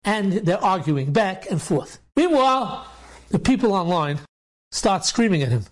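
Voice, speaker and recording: A rabbi telling a story with animated delivery, acting out the dialogue in different voices and speaking in loose phrasing with restarts. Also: male voice, sits high, moderate pace. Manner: acts out the dialogue in different voices, sometimes shouting; loose spoken phrasing with restarts and repeated words.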